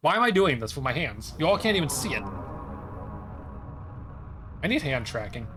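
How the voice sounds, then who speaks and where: A man's voice: on the high side, sing-song, moderate pace, music in the background, rough recording. A man streaming a video game, chatting casually and rambling with lots of filler words. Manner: rambling, heavy use of "like" fillers. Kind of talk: casual gameplay commentary.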